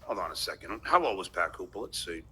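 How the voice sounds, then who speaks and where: A man's voice: deep voice, animated, fast talker, bright, forceful tone, a little hiss or hum. A man hosting a podcast, giving casual live commentary over a clip in a sarcastic, needling way and cutting in often. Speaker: podcast host reacting to a clip.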